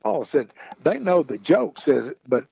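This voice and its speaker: A man spins long, rambling tales in an easygoing chat, forever circling back with "he said." His voice is gravelly and dark, with a breathy, husky edge. The sound is a little muffled and lo-fi. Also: on the high side, sing-song, unhurried. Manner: folksy, rambling, keeps repeating "he said". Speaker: podcast guest storyteller. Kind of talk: casual storytelling.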